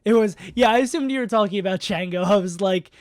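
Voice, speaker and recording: A man talks through player rankings during a casual live stream, wandering off track, mocking himself, and constantly restarting amid fillers. His voice sits high and he speaks at a quick pace. The audio is dry and studio quality.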